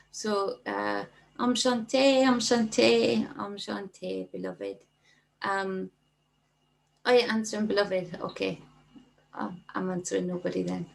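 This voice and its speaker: A woman hosting a casual livestream, chatting warmly and reading viewer comments aloud. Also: medium pitch, gravelly, low-quality recording. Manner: chatty, reads viewer comments aloud and thanks them by name. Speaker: livestream host.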